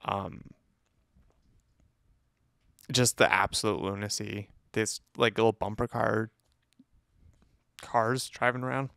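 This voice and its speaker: Guy with a gravelly voice, casual podcast chat, teasing and loose, dry close mic. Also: on the low side, fairly even intonation, measured pace, fairly bright tone, no room sound. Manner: teasing, laughing, loose and rambling. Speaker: podcast co-host. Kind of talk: casual movie review chat.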